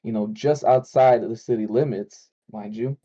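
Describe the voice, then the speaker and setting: A man's voice: medium pitch, moderate pace, mellow, dull audio. A man from the Chicago area, co-hosting a casual chat and telling riled-up, profane stories. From Chicago area, USA. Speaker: podcast co-host.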